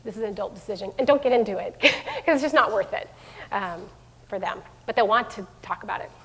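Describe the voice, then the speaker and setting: A woman's voice: mid-range voice, fairly quick, a bit bright, slightly rough. A middle-aged woman giving a parenting talk to an audience of parents, conversational, with many fillers and restarts. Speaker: school division head giving a parenting talk. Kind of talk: live presentation to parents. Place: room with an audience. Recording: long hall reverb.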